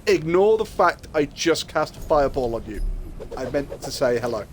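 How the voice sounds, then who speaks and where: A man's voice: fairly high pitch, sing-song, moderate pace, a little hiss or hum. A man streaming a video game live, chatting playfully and rambling, often laughing. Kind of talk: live gameplay commentary. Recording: game music playing behind. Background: video game music.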